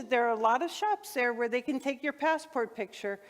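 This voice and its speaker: A woman minister with a fairly high voice tells a story from the pulpit, acting out each quoted line. Her voice rings with the long reverb of a church sanctuary. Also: moderate pace, few pauses. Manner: animated, acts out quoted dialogue. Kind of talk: sermon storytelling.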